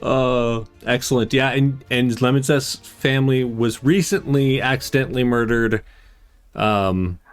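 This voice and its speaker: A man's voice: medium pitch, fairly even intonation, measured pace, smooth, soft background music. A man hosting and running a tabletop game, easygoing and prompting the players. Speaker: game master, host.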